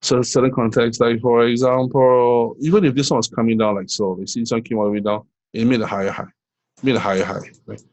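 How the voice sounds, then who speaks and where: A middle-aged forex trading coach walks through charts in a casual screen-share lesson, talking fast in a lowish, slightly mellow voice. He's conversational, full of fillers, and keeps checking in with "right?". The recording is rough.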